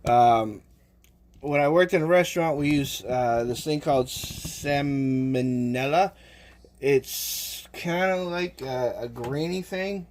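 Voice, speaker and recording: Working dough on his cooking livestream, a Boston-accented host talks in a rambling, chatty way as he goes. He has a fairly high pitch, a measured pace, and a slightly mellow sound, with a little hiss or hum in the audio.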